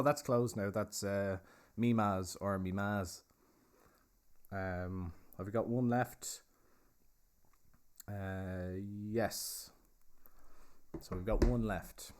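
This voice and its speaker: A man's voice: fairly low pitch, darkish tone. A man hosting a casual virtual pub tour from inside a pub. He chats and jokes while checking audience answers in a quiz. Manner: chatty, joking, confirming audience answers. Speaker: host and pub guide.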